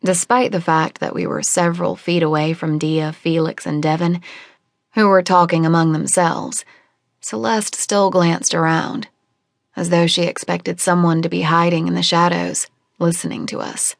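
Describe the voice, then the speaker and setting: A woman reading a first-person novel as audiobook narrator, in a measured, steady storytelling manner at a close studio microphone. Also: on the low side, creaky, no echo.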